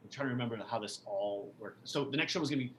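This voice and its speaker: Bright-voiced, rambling, profane man. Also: medium pitch, rapid-fire, a little hiss or hum. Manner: rambling, profane, with many restarts. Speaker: musician and podcast guest. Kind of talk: casual storytelling.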